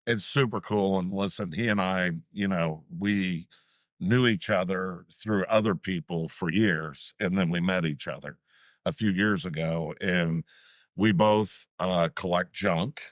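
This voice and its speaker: Co-host, man, deep low voice, easygoing chatter, dry close sound. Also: measured pace, no echo. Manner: relaxed, chatty, adds comments to the guest's story. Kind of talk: casual chat.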